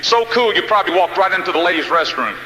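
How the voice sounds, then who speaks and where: A man's voice: high voice, expressive, quick pace, pushed and bright, reverberant, in a large hall, a little hiss or hum, rough recording. A man giving a live motivational speech, telling folksy, humorous stories to his audience. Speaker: motivational speaker.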